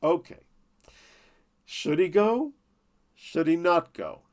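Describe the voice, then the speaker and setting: A man's voice: a little high, expressive, takes it slowly, darkish tone. A man telling a Bible story as a lesson, with playful, jokey asides. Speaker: Torah teacher.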